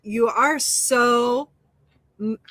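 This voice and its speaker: Laughing, emphatic woman co-host, high voice. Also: very slow, no echo. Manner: animated, laughs often, emphatic repeats; teaching tone, rhetorical questions. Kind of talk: casual spiritual talk show chat.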